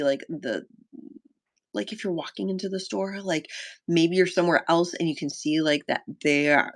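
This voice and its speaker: Excitable woman streaming her solo game test, tons of um's and like's, dry close mic. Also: low-pitched, no room sound. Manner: chatty, excitable, many fillers and gasps. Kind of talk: casual live-stream thinking aloud.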